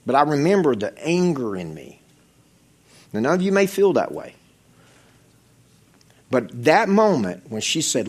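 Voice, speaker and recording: A male pastor preaching a sermon, swinging from loud exhortation to hushed, intense storytelling. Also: medium pitch, very animated, normal speed, long pauses.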